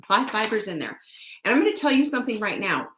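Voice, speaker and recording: Animated, bright-voiced woman hosting a sales stream. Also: mid-range voice, fast talker, echoey room. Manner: animated, folksy and chatty, addresses viewers directly. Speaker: host selling products. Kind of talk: live-stream sales pitch.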